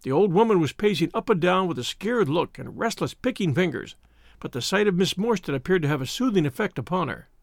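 Expressive high-voiced male narrator. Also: a little fast, creaky, no room sound, studio quality. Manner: expressive, dramatic reading. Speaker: audiobook narrator. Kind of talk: scripted narration.

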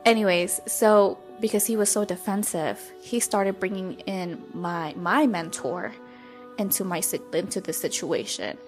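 A woman hosting a podcast, telling a story in a casual monologue. She is candid and blunt, swears freely, and tells it with animated energy. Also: medium pitch, a little slow, soft background music. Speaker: podcast host.

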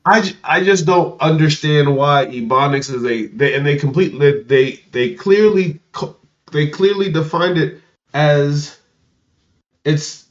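Podcast co-host, male, higher-pitched, incredulous debater, muffled audio. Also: a little slow. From Africa. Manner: animated, incredulous, repeats words when starting.

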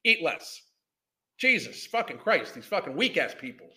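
Man, 50s, profane heated rant, scornful, high-pitched, bright. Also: sing-song, moderate pace. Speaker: podcast host. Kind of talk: ranting commentary.

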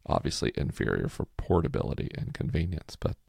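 A man co-hosting a podcast, speaking in a raspy, low-energy voice with heavy vocal fry. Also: a little fast, dry recording, clean studio sound. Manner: relaxed, low-energy delivery. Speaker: podcast co-host. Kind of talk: casual podcast chat.

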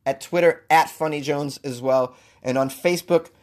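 A man's voice: a little high, steady tone, moderate pace. A man hosting a comedy podcast, riffing in a jokey, rambling way with self-mocking asides. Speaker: podcast host. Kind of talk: casual comedic monologue.

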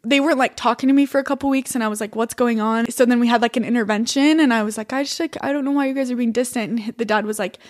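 High-voiced young woman telling her story. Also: steady tone, fast, hardly any pauses. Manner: emotional, chatty, many "like"s and quoted thoughts. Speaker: podcast guest. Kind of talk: candid personal storytelling.

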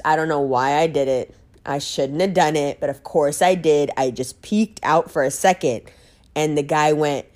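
A woman telling a story in a casual monologue, blunt and animated, swearing freely and laughing often. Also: sits low.

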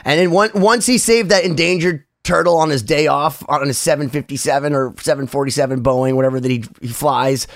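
A man co-hosts a loose podcast chat, rambling from joke to joke. His voice sits a little higher than most men's, recorded dry and close. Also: fairly quick, hardly any pauses, dry recording. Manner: rambling, jokey, swears. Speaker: co-host.

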